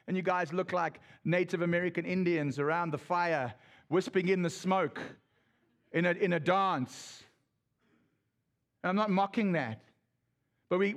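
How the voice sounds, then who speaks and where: A middle-aged South African pastor preaching a sermon with fast, impassioned delivery and quick asides to the congregation. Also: male voice, sits high, a bit bright.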